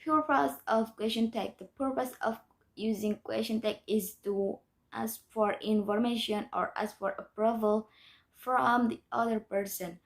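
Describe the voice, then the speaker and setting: A woman's voice: fairly high pitch, fairly even intonation, measured pace. A young woman, a student, reading a grammar lesson aloud in a careful, methodical way with small restarts. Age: young adult. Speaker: student presenter.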